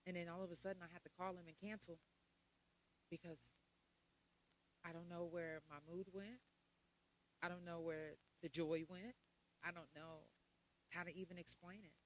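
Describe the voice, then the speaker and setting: A woman hosting a podcast, talking candidly and casually about mental health, sometimes loud and laughing, sometimes low and quiet. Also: fairly even intonation, normal speed, pauses often, low-quality recording. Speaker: podcast host.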